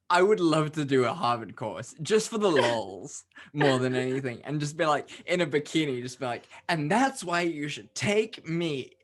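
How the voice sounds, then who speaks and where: A young adult co-hosting a podcast in casual chat, animated, swearing freely and stumbling over restarts. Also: medium pitch. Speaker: podcast co-host.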